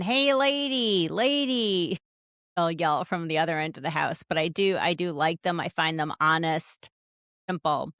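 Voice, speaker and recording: A woman's voice: fairly low pitch, fairly bright tone, dry recording, clean studio sound. A woman podcast host telling a casual, wry, self-deprecating story in a chatty monologue.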